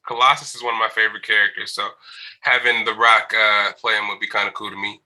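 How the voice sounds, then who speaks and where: Very bright, lower-pitched man chatting casually. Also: fairly even intonation, moderate pace, rough recording. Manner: laid-back, short agreeing replies, laughs easily. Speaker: podcast co-host. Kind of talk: casual chat.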